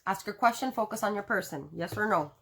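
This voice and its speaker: A woman's voice: medium pitch, lively intonation, fairly quick, vocal fry, heavy background noise. A woman reading tarot cards to her viewers in a casual, chatty way, laughing often and cursing now and then. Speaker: tarot reader.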